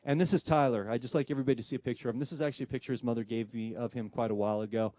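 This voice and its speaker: A man's voice: medium pitch, racing, no echo. A man giving a live presentation to an audience, telling a story and acting out the voices in it. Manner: animated storyteller who acts out voices in quoted dialogue. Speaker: presenter giving a talk on spirit communication.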